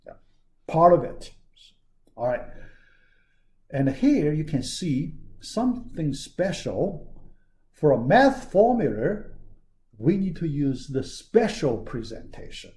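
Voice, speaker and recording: Man, university lecturer, slow, mellow, lively intonation, repeats words, many fillers. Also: fairly high pitch. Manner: halting, frequent "yeah" and "all right" fillers; repeats key words for emphasis. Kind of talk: recorded classroom lecture.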